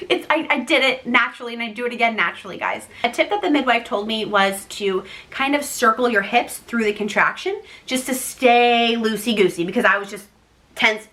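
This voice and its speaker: A woman's voice: on the high side, pushed and bright. A young woman vlogger casually telling a personal story to the camera, chatty and talking straight to her viewers. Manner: chatty, addresses viewers as "guys".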